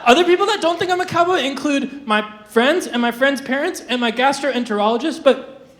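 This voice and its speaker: A young stand-up comic with a high voice tells absurd jokes in a flat, deadpan way. The delivery stumbles through restarts and little fillers. The sound carries the roomy echo of a live venue. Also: fairly quick. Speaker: stand-up comedian. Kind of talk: stand-up comedy set. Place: live comedy venue stage.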